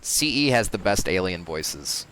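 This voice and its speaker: A man with a lowish voice gives loose, rambling commentary as he plays a video game. He swears casually and wanders between thoughts. Steady game noise runs behind his voice. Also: measured pace. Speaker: let's play host.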